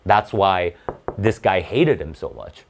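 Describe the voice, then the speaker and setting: Lively, blunt young male SAT tutor. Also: deep voice, slow pace, creaky, a little hiss or hum. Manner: casual, blunt and animated, asking rhetorical questions with many fillers. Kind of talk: online tutoring lesson, reading a passage aloud and explaining it.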